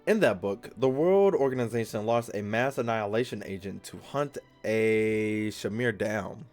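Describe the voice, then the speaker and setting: A man's voice: mid-range voice, animated, fairly quick, darkish tone, faint music behind. A man hosting a gaming video, reading game dialogue aloud in a casual, jokey way and stumbling over words.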